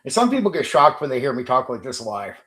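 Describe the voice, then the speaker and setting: A man's voice: medium pitch, very animated, quick pace, a bit bright, echoey room. Blunt, profane man ranting on a livestream. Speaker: streamer hosting a tabletop RPG channel. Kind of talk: livestream rant.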